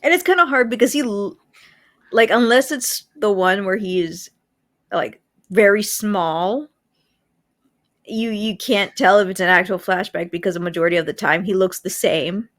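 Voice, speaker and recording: A woman's voice: medium pitch, fairly bright tone. A woman co-hosting a casual podcast chat, laughing often and correcting herself mid-sentence. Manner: chatty, laughs, quick self-corrections. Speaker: podcast co-host.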